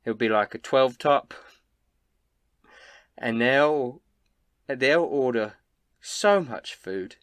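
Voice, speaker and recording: A man's voice: medium pitch, lively intonation, drawn-out words, long pauses, a bit bright, smooth, no room sound, pitched above the performer's own voice. A man voicing a chatty young female barmaid.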